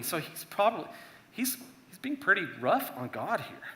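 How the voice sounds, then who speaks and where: A youth minister delivers a casual, conversational sermon with a fairly high, bright voice. He talks to the group like friends and drops into a hush when acting out prayers. The room around him is echoey. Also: very animated, normal speed. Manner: conversational, acts out prayers in a hushed voice.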